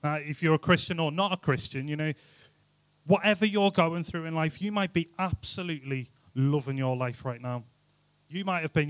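A man's voice: a little high, fairly quick, no echo. Chatty man preaching to youth. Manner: chatty, jokey, rhetorical questions. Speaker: youth speaker. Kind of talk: informal youth sermon.

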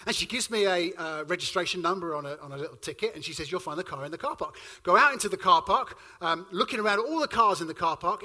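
Bright, high-voiced British preacher man. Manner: animated storytelling, acts out dialogue. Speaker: pastor. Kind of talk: sermon with personal story.

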